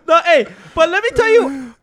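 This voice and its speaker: High-voiced teasing man. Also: fairly bright tone. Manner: teasing, laughing, swearing storyteller. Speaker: podcast co-host. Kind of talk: casual podcast banter. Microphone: podcast microphone.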